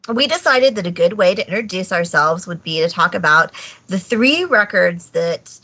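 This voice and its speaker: A woman's voice: fairly low pitch, animated, moderate pace, pushed and bright, low-quality recording. A woman co-hosting a podcast in casual chat, wry and teasing. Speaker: podcast co-host.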